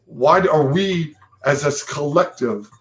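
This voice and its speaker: A man's voice: a little high, expressive, measured pace. A man hosting a livestream talk show, ranting bluntly with frustration and swearing.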